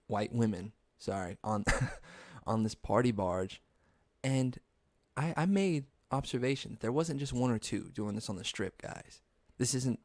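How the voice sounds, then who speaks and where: A man's voice: fairly low pitch, darkish tone, dry recording. A young man hosting a podcast, rambling through casual, profane stories and laughing at his own jokes. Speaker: podcast host. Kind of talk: casual storytelling monologue.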